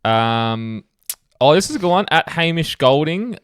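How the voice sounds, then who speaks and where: A young man chats casually as a podcast co-host, reading out listener comments and dropping the odd swear word. His voice comes across smooth and resonant, recorded close and dry. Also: on the high side, big pitch swings, unhurried, no room sound. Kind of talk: casual chat.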